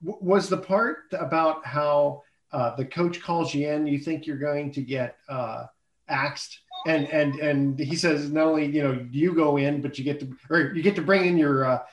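A man's voice: on the high side, moderate pace, reverberant. A man hosting a casual sports talk show over a video call, rambling a bit with fillers and restarts. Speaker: show host.

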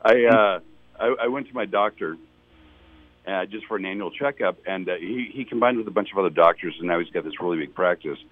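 A male comedian telling a wry, deadpan story as a radio guest. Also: sits low, fairly quick, no echo. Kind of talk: casual anecdote on radio. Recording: dull lo-fi radio sound.

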